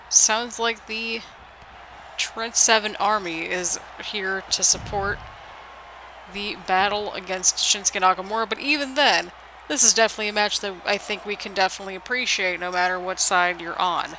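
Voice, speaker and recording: Hushed, bright-voiced late-night play-by-play caller on a headset, wrestling game commentary, hypes the crowd of "people". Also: steady tone, moderate pace, slight background noise, rough recording. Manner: keeps the voice low and hushed for late-night recording; hype play-by-play with frequent "people" call-outs. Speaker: YouTuber doing play-by-play of a wrestling video game. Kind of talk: solo game commentary in a wrestling announcer manner.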